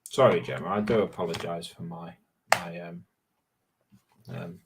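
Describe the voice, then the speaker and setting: A man's voice: low-pitched, a little slow, heavy background noise. A man, co-hosting a casual live chat stream and teasing his co-host. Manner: teasing, jokey. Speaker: livestream co-host.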